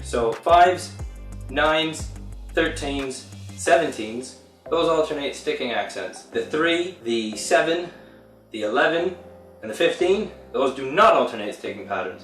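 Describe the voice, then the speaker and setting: A man's voice: on the high side, fairly bright tone, echoey room, far from the mic. A man giving a casual drum lesson on a video, talking through stick patterns and counting beats aloud. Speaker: drum teacher.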